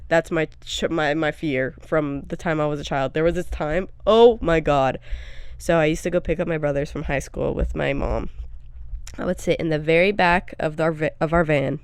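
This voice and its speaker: A young woman co-hosts a casual podcast, telling candid stories full of filler words. Her voice sits low with a gravelly edge, yet stays smooth and full. The recording is close and dry. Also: normal speed, no echo. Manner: candid, frank storytelling with frequent fillers. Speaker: podcast co-host. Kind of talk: casual chat.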